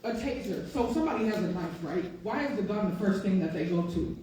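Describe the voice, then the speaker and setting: A woman's voice: medium pitch, lively intonation, quick pace, hardly any pauses, mellow. A grieving mother speaking out at a public meeting, impassioned and near tears. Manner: impassioned, insistent, repeating questions. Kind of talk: emotional public testimony. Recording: very echoey hall, mic far off, faint hiss.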